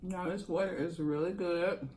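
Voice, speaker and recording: Chatty woman with a low voice. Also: steady tone, moderate pace, darkish tone. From Jacksonville, Florida. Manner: chatty, laughs often, talks while eating. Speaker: mukbang channel host. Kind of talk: casual eating chat to camera.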